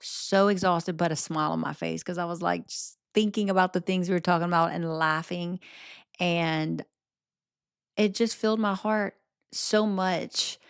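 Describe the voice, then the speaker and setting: Gravelly low-voiced woman, candid chat. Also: fairly even intonation, normal speed, no echo, studio quality. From American South. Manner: candid, chatty, swears freely. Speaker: podcast host. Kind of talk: casual chat.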